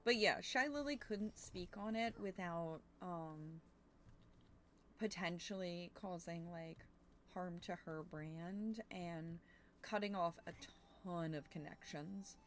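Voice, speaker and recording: A woman's voice: fairly low pitch, slow pace, fairly bright tone, slight background noise. A young woman streamer chatting casually while playing a game, thinking aloud and swearing now and then. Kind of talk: casual gameplay chat.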